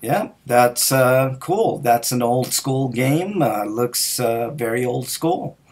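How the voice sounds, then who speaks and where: A man's voice: medium pitch, lively intonation, slow. A man hosting a gaming podcast in casual chat, hesitant, with many fillers and restarts. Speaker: podcast host.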